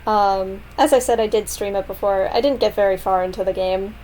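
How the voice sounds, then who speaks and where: A woman's voice: mid-range voice, steady tone, a little fast, darkish tone, slight background noise, rough recording. A young woman casually commenting on a game she plays at home late at night, rambling with filler words and self-deprecating asides. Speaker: gaming video creator. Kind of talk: casual let's-play commentary.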